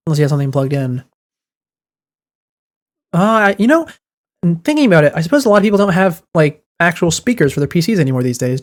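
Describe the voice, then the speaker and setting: Chatty man streaming a game. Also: a little high. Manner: chatty, rambling, thinking aloud. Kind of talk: casual gaming commentary.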